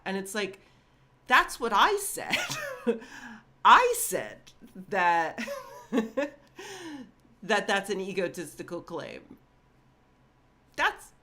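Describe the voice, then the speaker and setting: A woman's voice: lowish voice, sharp tone. A woman in her thirties from the United States giving casual reaction commentary, wry and laughing often. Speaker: video reactor.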